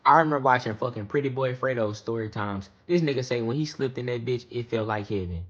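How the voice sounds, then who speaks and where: A young man telling a casual storytime monologue in slangy, profane talk, often checking in with "you hear me?" and jumping high when he recounts panicky moments. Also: fast talker, a bit bright, muffled recording.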